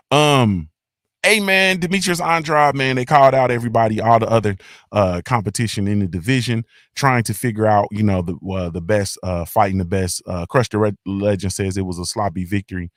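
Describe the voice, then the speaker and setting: A man hosting a casual talk show in a loose, laid-back manner. His voice sits fairly low, and he drops in fillers and repeated tags as he goes. The sound is dry and close, with little room echo. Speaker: host.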